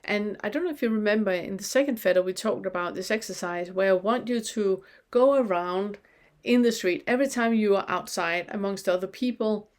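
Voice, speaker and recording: A woman leads a spiritual lesson in a soft, unhurried way. She asks one reflective question after another, pausing to let each one land. Her voice sits in an ordinary middle pitch. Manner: slow, gentle questioning with pauses. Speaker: spiritual teacher. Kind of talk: guided spiritual teaching.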